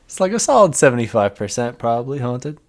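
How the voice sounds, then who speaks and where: A man's voice: medium pitch, sing-song, quick pace, a crowd in the background. Wry man co-hosting a podcast. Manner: wry, teasing, acts out quotes with gasps. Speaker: podcast co-host. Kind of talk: casual chat.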